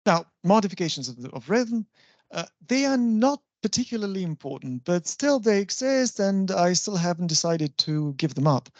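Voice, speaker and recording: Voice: mid-range voice, big pitch swings, normal speed. A lecturer delivers a university lecture in a patient, explanatory way and keeps asking "right?". The recording sounds muffled and lo-fi, with a very dry, close sound and no room echo. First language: Russian.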